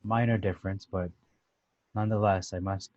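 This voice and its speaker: A man giving a casual, conversational commentary on a Bible passage, thoughtful and pausing with "uh" as he restarts. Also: deep voice, steady tone, darkish tone, dry recording, dull audio. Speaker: Bible teacher.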